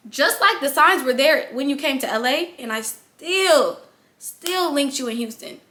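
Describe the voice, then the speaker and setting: A high-pitched woman with a bright, sharp voice tells a storytime tale. She is animated and blunt, and she cusses as she talks. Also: unhurried. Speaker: vlogger. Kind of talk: storytime narration.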